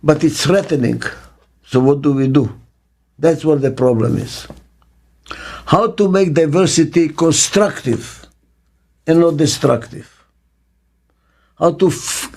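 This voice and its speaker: In a reflective interview, this older business consultant talks with deliberate emphasis, circling back to key phrases and asking rhetorical questions. His voice is a little high, with a darkish tone.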